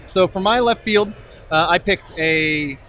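Joking man, slightly high voice. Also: measured pace, sharp tone, slight background noise. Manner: joking, laughs often, swears casually. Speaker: podcast co-host. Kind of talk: casual chat, reviewing and drafting. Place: comic convention, recorded live.

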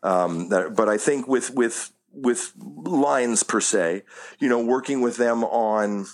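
A man with a medium-pitched voice takes his time as an acting coach in a relaxed interview. He rambles, dropping plenty of "you know what I mean" and casual swearing.

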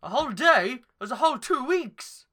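Very bright, bossy man doing improv. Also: very high voice, a little fast. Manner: bossy, deadpan straight man steering the bit. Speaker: podcast co-host. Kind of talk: improvised comedy sketch.

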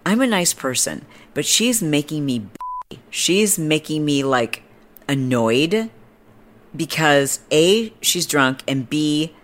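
A woman podcast host casually retelling a story, snarky and animated, acting out the people she quotes. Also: extremely low pitch.

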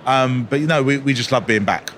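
A man's voice: medium pitch, a little fast, a bit bright. Man, mid voice, hesitant with fillers, trade show stand, faint hum. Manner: hesitant, many ums. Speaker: brand representative. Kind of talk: casual interview. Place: exhibition stand.

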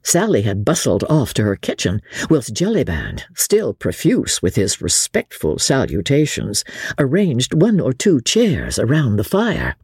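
Husky-voiced woman reading a novel. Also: a bass voice, unhurried, no echo, studio quality. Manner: expressive storytelling. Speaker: audiobook narrator. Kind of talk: scripted narration of a classic novel.

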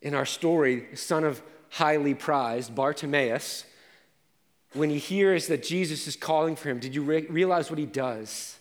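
Male pastor, sermon, personal storytelling, quiet to intense, reverberant church hall. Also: fairly high pitch, measured pace.

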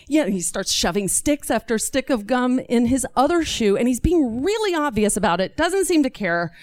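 A woman's voice: fairly high pitch, moderate pace, dry recording. A woman from Texas telling a true story on stage to a live audience, acting out the other people's voices as she goes. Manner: animated, acts out voices of others.

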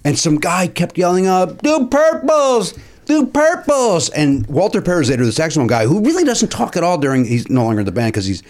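A man's voice: quick pace, few pauses. A man hosting a podcast in casual chat, telling stories and acting out quotes with lots of laughter. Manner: animated, acts out quotes with big pitch jumps and laughs. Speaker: podcast host.

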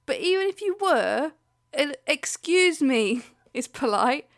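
Animated high-voiced woman ranting. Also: unhurried, creaky. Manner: animated, ranting, swears freely, laughs often. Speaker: podcast co-host. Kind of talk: casual chat.

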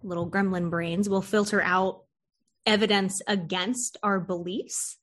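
A woman's voice: medium pitch, fairly even intonation, measured pace, a bit bright. A woman hosting an interview, chatting casually and animatedly telling stories about her therapy clients, acting out their lines and laughing often. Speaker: podcast host and therapist.

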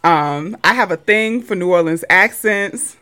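A woman's voice: lowish voice, unhurried, sharp tone, clean tone. A woman co-hosting a podcast in casual, playful chat, laughing often. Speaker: podcast co-host.

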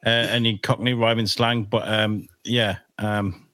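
A man's voice: fairly low pitch, level tone, a little slow, a bit bright, no room sound. A man chatting casually and explaining slang, loose and swearing freely. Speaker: guest explaining British slang. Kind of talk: casual chat.

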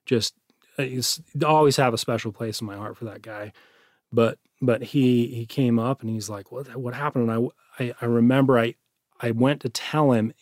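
Soft-spoken man, halting and low. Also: no echo, clean studio sound. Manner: halting, many restarts and fillers. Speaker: interview guest. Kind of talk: personal story in an interview.

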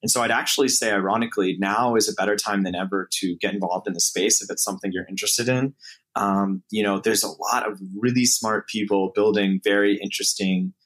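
Low-voiced man talking haltingly. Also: fairly even intonation, fairly bright tone, poor audio. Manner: hesitant, many fillers and restarts. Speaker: interview guest, startup co-founder. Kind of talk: casual interview talk.

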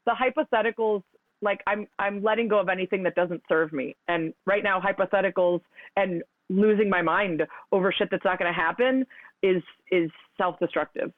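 A woman's voice: lowish voice, normal speed, no echo. A woman sports radio host talking as a guest in a casual interview, chatty and full of likes. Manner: chatty, frequent likes and laughs. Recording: dry, tinny phone line.

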